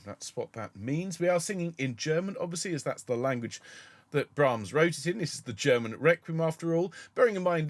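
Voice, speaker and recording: A man leading a choir rehearsal, explaining the music in a gentle, encouraging way. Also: on the high side, no echo. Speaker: choir director.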